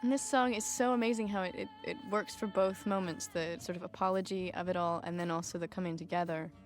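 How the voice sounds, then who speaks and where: A woman's voice: lowish voice, steady tone, quick pace, soft background music. A woman actor on a commentary track, enthusiastic and giggly.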